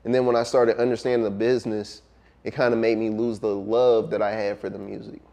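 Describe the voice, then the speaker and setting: A man, a music producer speaking as an interview guest, talking in a relaxed, reflective way with frequent ums and trailing pauses. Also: on the low side, creaky. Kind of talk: casual interview conversation.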